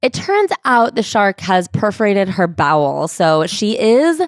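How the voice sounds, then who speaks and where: A woman's voice: mid-range voice, very animated, a little slow, dry recording, clean studio sound. A woman co-hosting a casual book-club podcast, wry and emphatic, with lots of "like". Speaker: podcast co-host.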